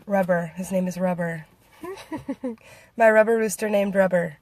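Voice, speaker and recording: A woman's voice: mid-range voice, brisk, darkish tone, dry recording. An American woman vlogging casually, reading viewer comments in a playful, giggly way and laughing often. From United States.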